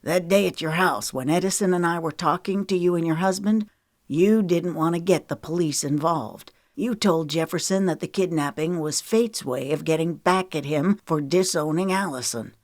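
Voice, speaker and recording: A woman's voice: on the low side, moderate pace, darkish tone, dry recording, studio quality, lightly acted. A woman reading the lines of a level-headed male former Navy SEAL in an audiobook.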